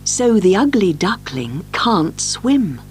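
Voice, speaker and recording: An audiobook narrator, a woman, reads a children's tale very slowly and carefully for learners, her pitch swinging widely. Her reading is lively and expressive. Soft music plays faintly in the background.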